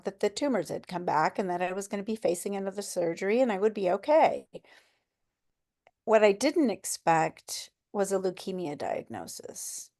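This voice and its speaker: A woman's voice: medium pitch, gravelly, mellow. A middle-aged woman telling her own cancer story in a candid, conversational way, with small laughs along the way. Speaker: cancer survivor speaker. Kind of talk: personal storytelling talk.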